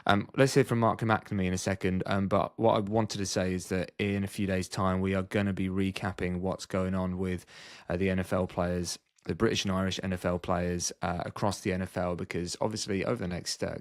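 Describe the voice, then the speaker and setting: Guy hosting a podcast, lowish voice, dry close sound, lots of ums. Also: brisk, no echo. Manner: chatty, energetic host with frequent fillers. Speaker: podcast host. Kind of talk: casual podcast interview.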